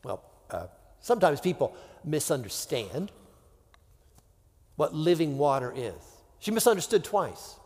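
A man's voice: a little high, very animated, a little slow, long pauses, darkish tone. A man preaching a casual, conversational sermon as a pastor, with rhetorical asides and frequent restarts. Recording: long hall reverb.

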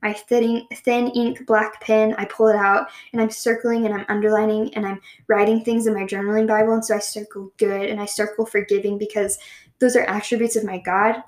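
A woman leading a casual devotional Bible study, chatty and full of "like" fillers, reading the verses slowly. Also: mid-range voice, flat delivery, darkish tone. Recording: echoey room.

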